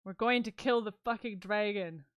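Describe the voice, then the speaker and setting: A woman's voice: mid-range voice, normal speed. A woman playing a tabletop game, reacting casually and bluntly. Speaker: player.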